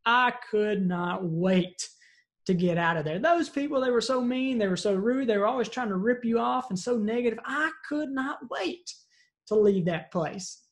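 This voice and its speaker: A man's voice: high voice, animated, normal speed. A man voicing a bitter, negative newcomer who complains about his old town in a story. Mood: complaining. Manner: complaining, exaggerated.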